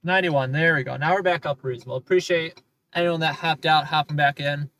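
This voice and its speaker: A man's voice: fairly high pitch, fairly even intonation, fast, a bit bright, a little hiss or hum, poor audio. A man livestreaming casual, sarcastic commentary from inside his car as he drives city streets, complaining about other drivers.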